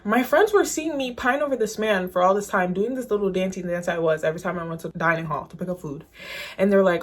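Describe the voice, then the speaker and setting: Animated giggly young woman vlogger. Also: on the low side, fast talker. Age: young adult. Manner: animated, giggly, dramatic reenactments of her own lines. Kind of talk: casual storytime vlog.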